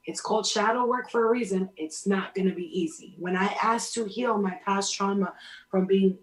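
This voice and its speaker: A woman's voice: medium pitch, moderate pace. Blunt, emphatic woman in a roomy space. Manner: blunt, emphatic, swears freely. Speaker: spiritual advice speaker. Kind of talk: casual spiritual talk.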